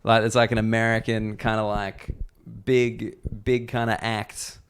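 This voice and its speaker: A man's voice: on the low side, flat delivery, a little slow, smooth. An Australian man hosting a casual podcast chat, making wry jokes and putting on mock voices. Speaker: podcast host.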